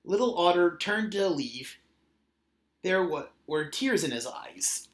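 A man reading a children's picture book aloud in a gentle, measured way. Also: sits high, expressive. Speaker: storyteller. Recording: roomy echo.

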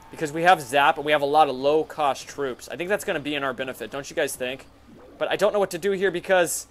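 A young man giving excitable, hyper commentary over a mobile game he is playing, often jumping into loud shouts. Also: fairly high pitch, a little hiss or hum. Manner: excitable and hyper, quick swings into yelling. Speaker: mobile game video host. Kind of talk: live gameplay commentary.

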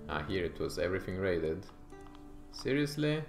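Italian man, gaming commentary, low voice, slow hesitant delivery, echoey room with music behind. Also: creaky. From Italy. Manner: thinking aloud, halting, with frequent fillers. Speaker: gaming YouTuber. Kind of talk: strategy game commentary.

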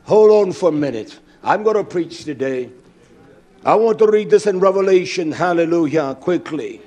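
A man preaching a combative, fiery sermon who swears freely, repeats lines for emphasis, often breaks into shouts, and fills pauses with "uh". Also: a little high, lively intonation. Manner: often shouts, with many "uh" fillers.

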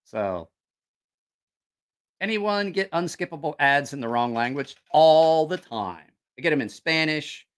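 A man's voice: on the high side, expressive, a little slow. Rambly guy on a livestream, swears a lot, voice bounces all over. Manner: rambling, profane, loses his train of thought. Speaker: knife channel livestream host. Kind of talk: casual livestream chat.

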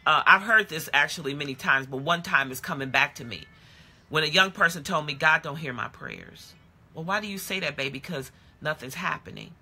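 A woman preacher giving an impassioned sermon, moving between shouting and quiet, plain talk. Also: on the low side, breathy edge. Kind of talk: live-streamed sermon.

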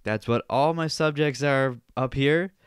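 A man's voice: mid-range voice, a little slow, smooth, no room sound, clean studio sound. A young man hosting a solo podcast, ranting casually with plenty of swearing and sarcasm. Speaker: podcast host.

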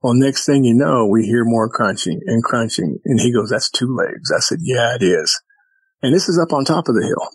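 A man's voice: medium pitch, lively intonation, moderate pace, husky, no echo, rough recording. A man who is a podcast guest, telling a story in casual chat and acting out the exchanges with vivid detail.

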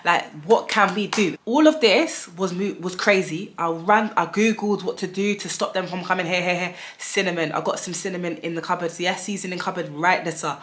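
Woman in her 30s ranting a storytime vlog, kinda low voice, dramatic, lots of "like"s. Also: brisk, few pauses. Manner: animated, dramatic storytelling with frequent fillers. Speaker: vlogger.

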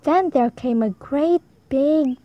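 Slow, high-voiced woman reading a rhyming storybook. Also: no room sound, muffled recording. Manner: slow, sing-song rhyming read-aloud. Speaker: storybook reader. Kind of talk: reading a rhyming picture book aloud. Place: home.

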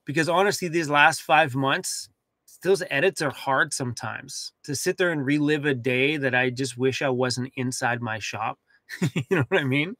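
A young man chatting casually to viewers from inside his van, lively and talkative, fussing over his dog. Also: mid-range voice, dry recording. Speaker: van life vlogger. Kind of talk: casual livestream chat.

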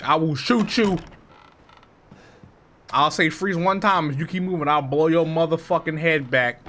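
A man's voice: lowish voice, a bit bright, a little hiss or hum. A man commentating a horror game playthrough, cursing, joking and talking back to the game. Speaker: gaming streamer. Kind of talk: let's play commentary.

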